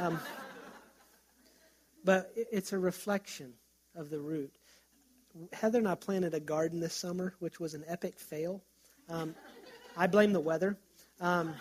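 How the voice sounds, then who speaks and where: A middle-aged man, a pastor, preaching in a conversational way and telling stories, with frequent restarts. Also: sits high. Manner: conversational, storytelling with self-restarts. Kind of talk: sermon.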